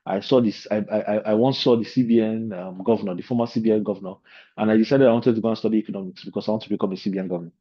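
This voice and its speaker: Lecturing informally to a leadership course, a man on the low side of pitch talks in meandering, discursive asides. The recording is echo-free but slightly dull and lo-fi.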